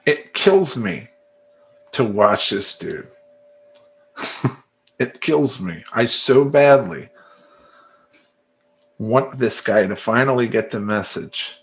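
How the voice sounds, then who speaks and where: A man's voice: fairly low pitch, lively intonation, slow pace, long pauses. Rambling, emphatic male life coach. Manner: rambling, emphatic, acts out clients and sound effects. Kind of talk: casual monologue to camera.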